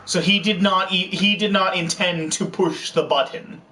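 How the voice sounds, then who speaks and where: A man's voice: high-pitched, fairly even intonation, normal speed, bright, forceful tone. A young man co-hosting a gaming video in casual chat, rambling with many restarts and fillers. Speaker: co-host of a gaming channel. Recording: distant mic with faint noise.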